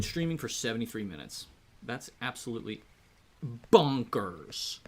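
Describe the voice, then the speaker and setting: Playful rambling streamer with slow, lively delivery. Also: medium pitch, slight background noise. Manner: playful, rambling, breaks into song. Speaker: streamer and artist. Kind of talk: casual live-stream chat with singing. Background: rain and piano ambience.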